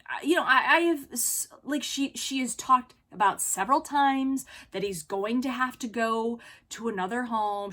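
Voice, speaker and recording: A woman in her thirties telling a story to camera in a casual vlog, animated and exasperated, full of "you know" and "like". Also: on the high side. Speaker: vlogger.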